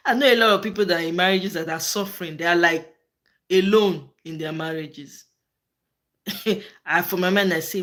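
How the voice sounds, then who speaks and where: With long pauses and a moderate pace, a woman with a lowish, fairly bright voice and a Nigerian accent runs a casual political live stream. She switches into Pidgin and addresses her viewers by name.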